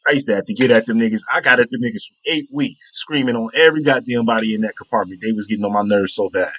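A man telling profane, animated stories in a casual chat. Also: mid-range voice, fast, low-quality recording.

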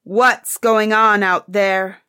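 A woman's voice: medium pitch, sing-song, slow pace, heavily acted. A woman voicing an angry, commanding old emperor in a read-aloud fairy tale. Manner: commanding, outraged shouts.

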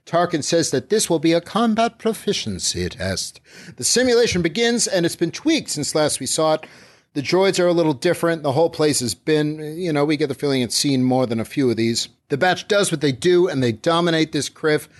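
Man recapping an episode in animated chat. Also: fairly high pitch, brisk. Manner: animated recapping, acting out characters' lines with laughs. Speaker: podcast co-host recapping an episode. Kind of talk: casual chat.

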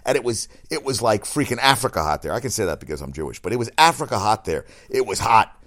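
A man's voice: fairly low pitch, quick pace, few pauses. Rambling man hosting a solo sports podcast. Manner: rambling, self-correcting, excitable, crude.

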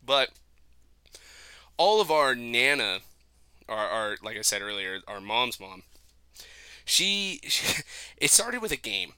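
A man's voice: medium pitch, very animated, slow pace, pauses often, bright, forceful tone, smooth, no room sound. A man co-hosting a podcast in a rambling, profane casual chat, often laughing. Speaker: podcast co-host.

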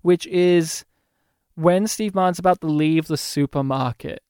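Guy hosting a movie chat podcast, excited and rambly, high smooth voice. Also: measured pace, dry recording, studio quality. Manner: enthusiastic, rambling, quotes lines in funny voices. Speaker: podcast host. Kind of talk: casual movie review chat.

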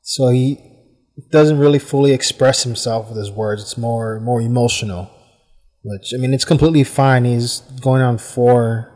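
A man from the United States hosts his podcast, musing aloud in a loose, rambling way and filling pauses with "I mean." His voice sits at an ordinary middle pitch for a man. It carries a long reverb tail, as if he were speaking in a large, echoing space. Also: steady tone, a little mellow. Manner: rambling, thoughtful, many "I mean" fillers. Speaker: podcast host. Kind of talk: casual reflective monologue. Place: hot room at home with fans running.

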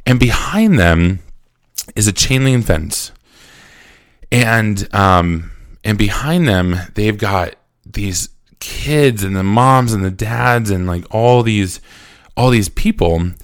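A man recounting a personal story in a lively way, often acting out what people said to him. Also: fairly low pitch, takes it slowly, smooth, dry recording, clean studio sound. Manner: animated storytelling, acting out quotes; frequent fillers and restarts. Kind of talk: personal anecdote.

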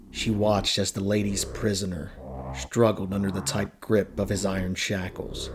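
Low-voiced man reading a dark story. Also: moderate pace, noisy background. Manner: steady, descriptive narration.

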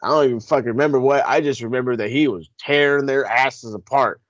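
A man co-hosting a podcast, ranting in a rambling, profane, animated way. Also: medium pitch, a little fast, hardly any pauses, no echo. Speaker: podcast co-host. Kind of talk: casual chat. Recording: dull lo-fi recording, dry.

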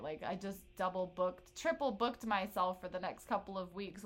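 A woman's voice: medium pitch, expressive, normal speed, few pauses, a bit bright. A woman in her early thirties co-hosting a podcast, telling stories in loose casual chat with lots of laughing and swearing. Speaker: podcast co-host.

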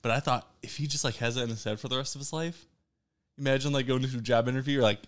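A man co-hosting a casual comedy chat, telling drawn-out jokes in a dry, deadpan way. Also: medium pitch. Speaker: co-host.

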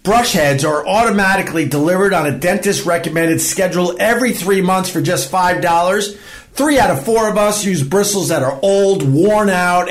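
Upbeat man reading a sponsor spot. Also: high-pitched. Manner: upbeat, salesy, spells out the web address. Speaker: radio host reading an ad. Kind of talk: ad read.

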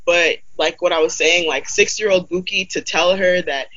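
A woman in her twenties telling stories in a casual group chat, animated and full of fillers. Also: fairly low pitch, moderate pace, lo-fi sound. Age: 20s. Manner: animated storytelling with many fillers.

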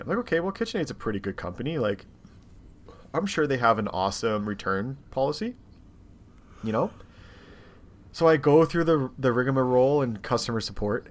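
A man co-hosting a podcast, telling a story in casual, animated, exasperated bursts full of swearing. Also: mid-range voice. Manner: animated, profane, exasperated retelling. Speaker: podcast co-host. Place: seated in a podcast studio chair.

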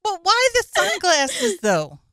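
High-voiced woman, crude joking banter. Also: wildly swooping pitch, takes it slowly, fairly bright tone, no echo, clean studio sound. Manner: crude, profane banter with put-on quotes. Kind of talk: casual comedic chat.

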